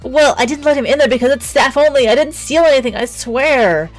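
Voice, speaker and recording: A woman's voice: sits high, a little fast, faint music behind, pitched above the performer's own voice, close to an everyday voice. A woman voicing a frightened young waitress. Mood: pleading. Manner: pleading, shaky.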